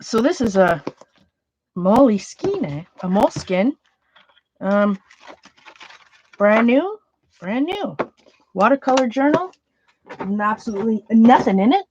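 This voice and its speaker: A woman's voice: fairly high pitch, sing-song, a little slow, pauses often, muffled recording, noisy background. A woman chatting casually as she sorts her art supplies, rambling, trailing off and restarting her sentences. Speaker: art journaling vlogger. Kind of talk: casual chat while sorting art supplies.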